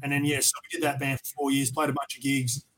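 An Australian man of average pitch talks as a guest on a podcast. He tells loose, rambling stories, swears often and restarts his sentences. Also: monotone, quick pace, a bit bright, low-quality recording. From Tasmania, Australia. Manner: profane, rambling anecdotes with many restarts. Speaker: podcast guest, metal vocalist. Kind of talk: casual storytelling interview.

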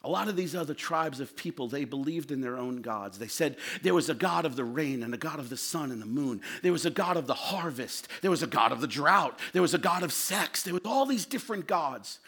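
Male pastor, sermon, fairly high voice, bright and forceful, passionate delivery with loud peaks and quiet drops. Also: expressive, a little fast, few pauses, slightly rough. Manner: passionate, swings from loud shouting to low intimate asides.

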